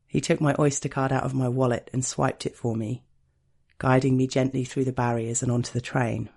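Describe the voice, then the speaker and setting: Gravelly, mellow man reading intimately. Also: mid-range voice, flat delivery. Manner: slow, intimate, hushed storytelling. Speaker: narrator. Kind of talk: first-person erotic story reading.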